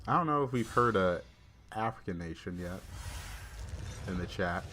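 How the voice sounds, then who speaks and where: A man's voice: low voice, animated, moderate pace, bright, forceful tone. A young man casually chatting with his chat while playing and commenting on a card game. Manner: laid-back, chatty, reads and answers chat while playing. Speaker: streamer.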